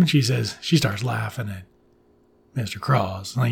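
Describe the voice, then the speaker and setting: A man's voice: mid-range voice, lively intonation, unhurried, gravelly, a little mellow, slight background noise. A man casually retelling and reviewing an older film in a loose, rambling, profane way. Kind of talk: casual movie recap and review.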